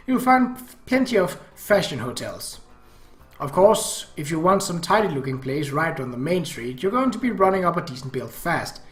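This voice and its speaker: A man's voice: sits high, fairly bright tone. A man reading a visual novel aloud in dry, wry first-person narration. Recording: echoey room, faint music.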